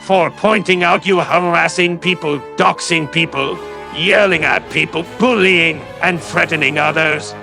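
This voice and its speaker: A man's voice: on the high side, a little slow, gravelly, bright, forceful tone, soft background music. A man giving a sarcastic, condescending callout commentary as a YouTube commentator.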